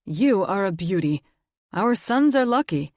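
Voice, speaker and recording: A woman's voice: medium pitch, lively intonation, a little slow, dry recording, studio quality, natural voice. Lady playing a cheery big werewolf cook guy, friendly. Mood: jovial. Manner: warm, cheerful.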